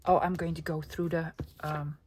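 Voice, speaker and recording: Speaking in a deep, level, slightly mellow voice at a moderate pace, a young woman chats casually with her viewers during a crafting vlog. She's playful, calls them "love," and occasionally whispers, with slight background noise in the recording.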